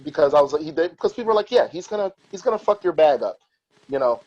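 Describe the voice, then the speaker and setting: Man, podcast host, casual storytelling, profane, animated, slightly high voice, dull lo-fi sound. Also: fast. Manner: candid, profane, animated retelling.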